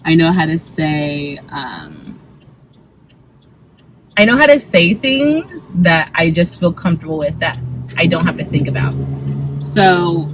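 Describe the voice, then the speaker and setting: A woman's voice: low-pitched, big pitch swings, takes it slowly, pauses often. A young adult woman in casual, upbeat vlog chat, talking while she drives and sometimes trailing off into mutters. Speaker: vlogger. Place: in a car while driving. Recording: car noise in the background.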